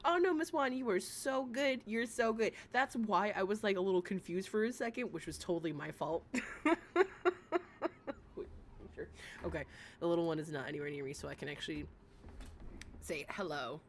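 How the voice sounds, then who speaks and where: A woman's voice: mid-range voice, moderate pace, long pauses, slight background noise. Sassy thirty-year-old woman streamer. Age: 30s. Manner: animated, blunt, sassy, swears freely. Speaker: livestream host reacting to another streamer. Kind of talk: casual livestream commentary.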